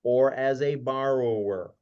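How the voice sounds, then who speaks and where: Male guest expert, measured and insistent, muffled online-call sound. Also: mid-range voice, darkish tone, clean tone. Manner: deliberate, emphatic, repeats key points slowly. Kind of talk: explanatory webinar talk. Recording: dull lo-fi online call audio.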